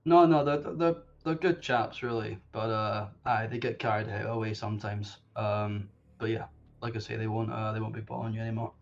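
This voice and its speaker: A man plays a weary older man in a battered coat, streetwise and protective of his neighbourhood. The voice sits low and comes through dull and lo-fi. The speech is halting and full of hesitations. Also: fairly even intonation, creaky. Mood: reassuring. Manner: hesitant, halting, casual slang. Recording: dull lo-fi sound.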